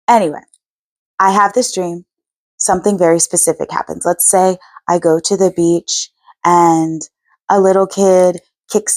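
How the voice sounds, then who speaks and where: A channel host talks sincerely about spiritual experiences in a relaxed vlog chat, wandering off and fixing her own words as she speaks. She has a fairly low, slightly mellow voice, recorded without echo.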